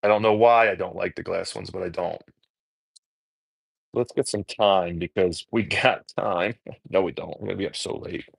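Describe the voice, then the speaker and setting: Casual New Jersey man, low gravelly voice, self-deprecating rambler, dry close mic. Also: fairly even intonation, moderate pace, no echo. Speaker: home cook content creator. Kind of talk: casual chat while cooking prep.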